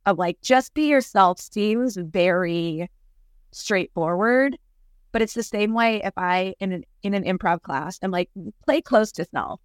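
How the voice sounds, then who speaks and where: A woman's voice: mid-range voice, measured pace, clean tone, no room sound, clean studio sound. A woman improv teacher chatting reflectively as a podcast guest, full of "like" fillers. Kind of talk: casual podcast conversation.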